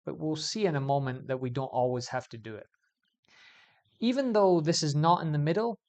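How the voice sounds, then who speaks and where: A man teaching English grammar in a video lesson, explaining clearly and stressing key words as he goes. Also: a little high.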